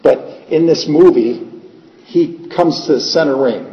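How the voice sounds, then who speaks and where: A man's voice: on the high side, measured pace. A man preaching a sermon in a plainspoken way, using homely examples and repeating his points. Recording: echoey hall, dull lo-fi sound, faint noise.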